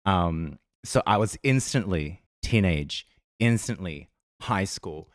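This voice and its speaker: A man's voice: deep voice, lively intonation, takes it slowly, no echo, clean studio sound. A man with an Australian accent co-hosting a casual music reaction chat, rambling through stories and laughing often. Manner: rambling, chatty storyteller who laughs often. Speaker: podcast co-host.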